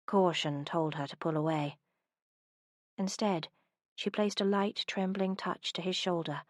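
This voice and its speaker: Low-voiced woman narrating a romance audiobook. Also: unhurried, no echo, studio quality.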